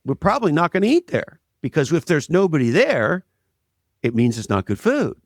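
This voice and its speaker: A man's voice: on the high side, wildly swooping pitch, normal speed, dry recording, clean studio sound. Blunt, emphatic male interview guest. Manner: emphatic, blunt, makes points with anecdotes. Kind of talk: conversational interview, storytelling.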